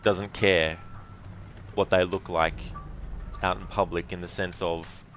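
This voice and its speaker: An Australian man streaming a video game, chatting casually with viewers in a relaxed, rambling way and laughing easily. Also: sits low, slow pace, a little hiss or hum.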